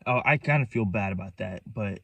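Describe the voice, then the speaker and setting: A man's voice: on the low side, fairly quick, gravelly, husky, no echo, recorded from a distance, dull audio. Young guy rambling thru a story, keeps restarting, dry sound a bit off mic. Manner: rambling, restarts and repeats himself, animated. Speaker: vlogger. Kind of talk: casual storytelling.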